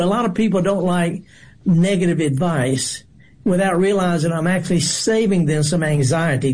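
A man's voice: high voice, darkish tone, breathy edge. A man hosting a gardening radio show in a studio, talking in a folksy, rambling way and telling corny jokes. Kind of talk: casual radio talk.

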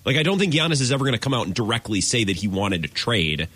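A man co-hosting a sports talk radio show, laying out his analysis quickly and acting out quotes as he goes. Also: medium pitch, very animated, fairly bright tone, slightly rough, no room sound. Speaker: radio co-host.

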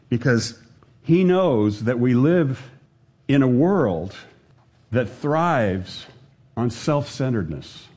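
A man's voice: medium pitch, mellow. A man preaching a sermon to his congregation, earnest and building, with rhetorical questions to the listeners. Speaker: pastor. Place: church service with a congregation.

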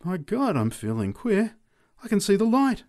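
A man voicing an excitable drunk who exclaims in a high voice. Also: moderate pace, exaggerated voice. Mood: awed.

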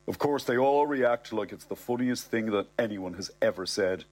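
A middle-aged man reading a comic first-person story, deadpan with indignant asides. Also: on the low side, unhurried. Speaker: narrator.

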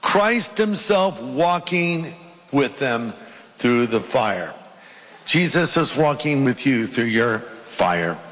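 A middle-aged pastor preaches a sermon and reads scripture aloud with emphatic, dramatic delivery, his mid-range, fairly bright voice moving with lively intonation at a slow pace. The long reverb of a large hall surrounds him.

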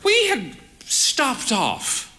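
Guy putting on a high fluttery old lady voice, frail and proud, stretching her words out all theatrical, audiobook story. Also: huge pitch swings, bright, forceful tone, exaggerated voice. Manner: dramatic, drawn-out, grandly affected. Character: frail proud elderly woman, theatrical and sharp.

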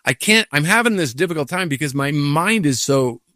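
An older man, a professional golfer as guest, telling a story casually in an animated way, acting out what he said to himself. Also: fairly high pitch, moderate pace, dry recording, clean studio sound. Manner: animated storytelling with acted-out inner voices.

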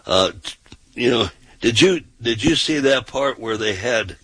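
Emphatic husky-voiced male talk host. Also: mid-range voice, animated, measured pace, fairly bright tone, no room sound, poor audio. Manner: emphatic, repeats words and restarts often. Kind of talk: casual talk-show discussion.

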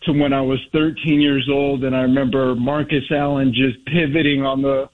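A man's voice: medium pitch, level tone, normal speed. A man from Northern California calling into a radio show, heartfelt and rambling. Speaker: caller. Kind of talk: phone-in call. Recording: tinny phone line.

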